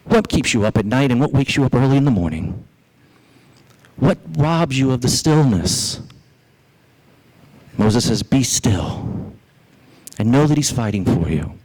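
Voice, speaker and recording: A man pastor preaching a sermon in a church, asking rhetorical questions, with his voice leaping up in pitch as he drives his points home. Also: very animated, unhurried, pauses often, darkish tone, rough recording.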